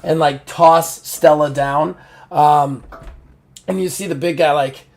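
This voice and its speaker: A man's voice: on the high side, fairly even intonation, slow pace, gravelly, a little mellow. A man running a tabletop game as game master, narrating in a casual, rambling way.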